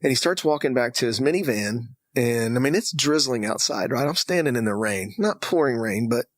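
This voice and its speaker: A man's voice: mid-range voice, a little fast, no echo. A man from Texas, a podcast guest, telling a personal story and acting out the voices of the people in it. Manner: animated storyteller who acts out dialogue.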